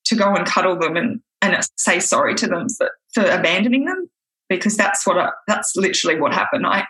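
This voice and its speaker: A woman, telling an emotional personal story in a halting way, restarting and searching for words. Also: medium pitch, expressive, fairly bright tone, poor audio.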